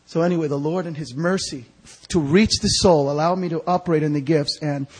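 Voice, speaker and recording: A man preaching a storytelling sermon as an evangelist, animated and acting out the voices of people in his stories. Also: on the high side, fairly quick, husky. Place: church sanctuary.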